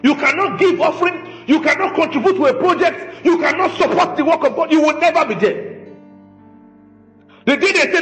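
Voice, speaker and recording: A male pastor preaching with a very high, bright, forceful voice that swoops through a lively range. He drives his points home with rhetorical questions and scolding emphasis. The recording is echoey, with faint music underneath. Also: fairly quick. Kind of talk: sermon.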